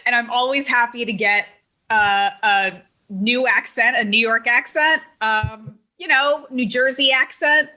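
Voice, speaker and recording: Bright-voiced woman podcast host. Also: a little high, unhurried. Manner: chatty, upbeat, many fillers. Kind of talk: casual podcast chat.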